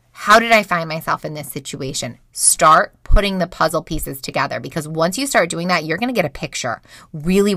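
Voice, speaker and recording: A woman in her thirties with a lowish, fairly bright voice hosts a podcast, speaking frankly and emotionally to listeners and swearing freely. She records in a small closet at home, and the sound is clean, studio-like, and echo-free.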